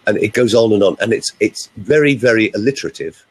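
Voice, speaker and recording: A man who works as a voice coach, telling stories and giving advice in a lively, expressive way. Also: lowish voice, quick pace, hardly any pauses, slightly rough, rough recording. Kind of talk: animated storytelling and coaching talk.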